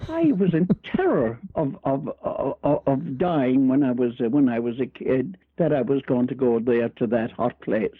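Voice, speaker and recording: A man's voice: mid-range voice, a little slow, few pauses, breathy edge, no echo. Older man, Irish accent, rambling raconteur, dry phone-line sound. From Ireland. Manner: lively rambling raconteur with frequent restarts and chuckles. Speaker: guest author. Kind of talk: storytelling interview chat. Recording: tinny phone-line radio audio.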